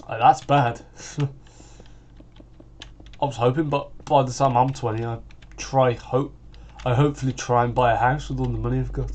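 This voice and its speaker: British teen boy rambling on while gaming, says like a lot, medium pitch, bit of typing noise. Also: darkish tone. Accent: British English. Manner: rambling, full of "like" and restarts. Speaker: gaming channel host. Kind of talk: casual chat while gaming.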